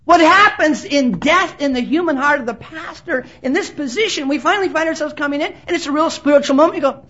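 A woman's voice: high-pitched, a little fast, hardly any pauses, a bit bright. A woman preacher delivering an impassioned sermon at a conference, acting out quoted voices and urging her listeners to listen. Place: conference hall. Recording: dull lo-fi sermon recording.

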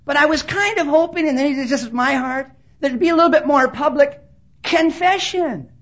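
A woman's voice: sits high, normal speed. A woman preacher delivering an impassioned sermon at a conference, acting out quoted voices and urging her listeners to listen. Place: conference hall. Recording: dull lo-fi sermon recording.

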